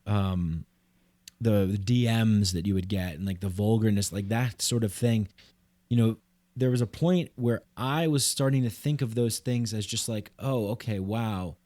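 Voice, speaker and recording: A man's voice: fairly low pitch, moderate pace, dark tone, dry recording. A man hosting a podcast, talking in a loose, rambling way full of "like" and "you know". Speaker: podcast host. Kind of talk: casual conversation.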